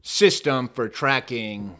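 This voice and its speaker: A man's voice: mid-range voice, slow, bright, forceful tone. A young man, a comedian guest on a podcast, rambling through stories in casual chat and acting out the voices of the people in them. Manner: rambling storyteller, acts out kids' voices.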